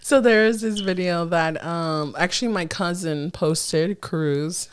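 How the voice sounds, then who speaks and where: A woman's voice: fairly low pitch, slow, clean tone. A woman in her thirties co-hosting a podcast, telling stories animatedly, swearing casually and slipping into Spanish. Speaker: podcast co-host. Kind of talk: casual chat.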